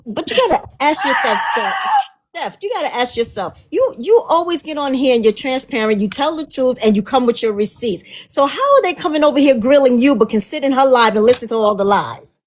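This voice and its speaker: Emphatic woman with a lively high voice. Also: fairly quick. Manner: supportive, emphatic. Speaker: guest on the live. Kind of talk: casual livestream chat.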